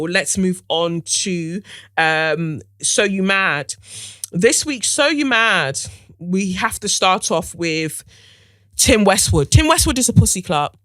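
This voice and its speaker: A woman's voice: lowish voice, fairly bright tone, dry recording. Outspoken woman ranting. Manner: outspoken, ranting, profane, slangy. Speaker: podcast host. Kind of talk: solo podcast commentary.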